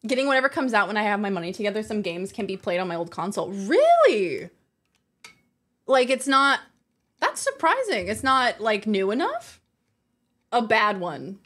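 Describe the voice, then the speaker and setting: A woman's voice: medium pitch, very animated, normal speed, fairly bright tone. A woman streamer chatting casually with her viewers, laughing often and reading their messages aloud.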